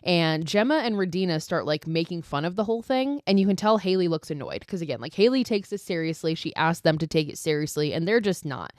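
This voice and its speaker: A woman's voice: fairly low pitch, expressive, brisk, few pauses, a little mellow, dry recording, clean studio sound. A woman hosting a podcast, retelling a horror movie in a casual, profane, ranting way, full of fillers. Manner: filler-heavy storytelling. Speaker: podcast host.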